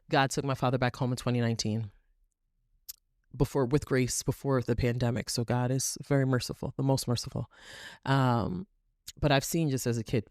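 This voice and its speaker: A woman with a low voice hosts an inspirational podcast monologue. She tells stories animatedly, repeating phrases for emphasis. The sound is dry and close. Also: a little mellow, no room sound. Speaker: podcast host.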